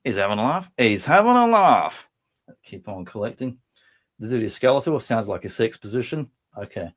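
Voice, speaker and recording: A man's voice: on the low side, a little fast. An Australian man hosting a casual live stream, rambling and joking about himself while reading out viewer comments, his voice a little strained. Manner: rambling, self-mocking, bursts into silly voices. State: voice strained after drinking. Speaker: livestream host.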